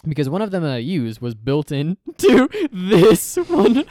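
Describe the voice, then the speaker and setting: A playful man rambles and giggles through a casual podcast chat, his slightly high voice bouncing up and down. He is close on a desk mic, and the sound is dry and tight. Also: huge pitch swings, measured pace, darkish tone, no echo. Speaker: podcast co-host. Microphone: podcast mic on an arm.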